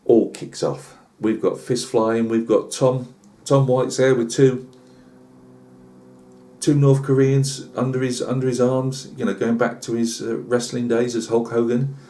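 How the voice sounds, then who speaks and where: A man's voice: mid-range voice, steady tone, measured pace, warm tone. A British man telling a rambling comic tall tale on his channel, full of asides and fillers. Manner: chatty, lots of asides and fillers. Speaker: channel host.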